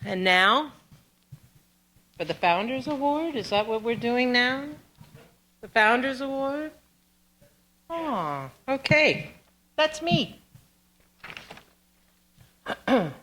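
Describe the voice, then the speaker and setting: A woman who is a community theater board president, speaking slowly and gently with some halting pauses at an awards event in a theater room. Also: mid-range voice. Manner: slow, gentle, halting delivery.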